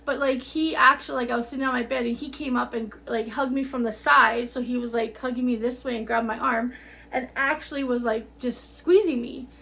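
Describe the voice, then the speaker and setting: A middle-aged woman talking straight to camera in a tearful, rambling personal update, halting and repeating herself. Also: on the high side, steady tone, creaky, a bit bright. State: tearful, on the verge of crying. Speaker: vlogger.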